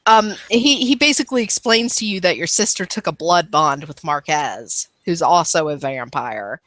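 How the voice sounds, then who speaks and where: A woman's voice: lowish voice, lively intonation, normal speed, fairly bright tone, no echo. A woman narrating a tabletop role-playing game as game master, casual and rambling with many fillers.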